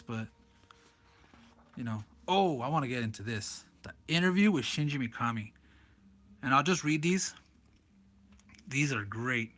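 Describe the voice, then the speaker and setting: Laughing, wired male comic reviewer. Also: medium pitch. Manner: laughs often and reads panels aloud; wired and energetic.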